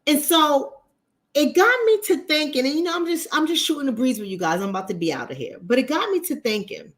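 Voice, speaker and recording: A woman with a Bronx accent, casually chatting with viewers on a livestream in a blunt, profane manner. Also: fairly quick. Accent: New York, Bronx. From New York, the Bronx. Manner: blunt, profane, animated, mimics others in high voices. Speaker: relationship coach and livestream host.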